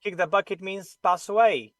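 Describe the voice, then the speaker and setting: A man with a Pakistani English accent teaching pronunciation to an online class. His voice sits high for a man, and the sound is dry and close. He explains patiently and drills each sound again and again. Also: normal speed, fairly bright tone, dry recording.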